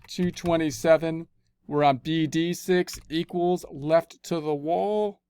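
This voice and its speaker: A man's voice: a little high, fairly even intonation, slow, darkish tone, clear, resonant tone. A man teaching accounting in a screencast, talking through each spreadsheet step and often repeating his phrases. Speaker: accounting instructor. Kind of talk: screencast tutorial narration.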